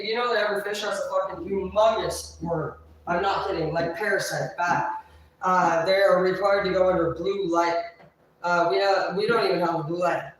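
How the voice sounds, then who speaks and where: A woman's voice: fairly low pitch, a little hiss or hum. A woman livestreaming, talking in a rambling, profane way that keeps trailing off and restarting. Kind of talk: rambling live-stream monologue. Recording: very echoey, voice far from mic.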